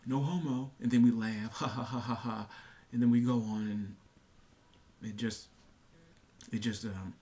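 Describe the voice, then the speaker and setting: A man's voice: on the low side, flat delivery, unhurried, warm tone. A young man talking earnestly to his camera in a casual monologue, repeating himself with many fillers and restarts. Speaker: vlogger.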